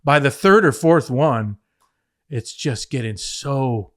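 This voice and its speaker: A man's voice: medium pitch, slow. A man chatting casually on a podcast, telling backstage stories with lots of swearing and acted-out quotes. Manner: animated, profane, acts out quotes mid-story. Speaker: former head writer of a wrestling show, podcast guest. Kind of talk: casual storytelling chat.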